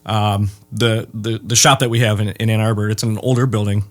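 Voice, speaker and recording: A man's voice: lowish voice, little pitch movement, brisk. Laid-back man with dry humor. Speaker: guest, bass guitar maker. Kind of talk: casual interview chat.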